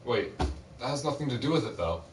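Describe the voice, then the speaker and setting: A man's voice: mid-range voice, lively intonation, moderate pace, noisy background. A man hosting a gaming video, talking through the game casually and hesitantly, with many fillers. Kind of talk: casual gameplay commentary. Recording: roomy, distant mic, loud music behind.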